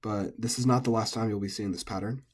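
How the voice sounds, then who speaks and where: A man with a husky, slightly low voice explains pronunciation rules in a loose, unscripted way. He thinks out loud, fills pauses with ums and often corrects himself mid-sentence. He sounds like a native English speaker teaching a lesson. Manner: relaxed, thinking aloud with frequent ums and self-corrections. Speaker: language teacher. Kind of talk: casual recorded lesson.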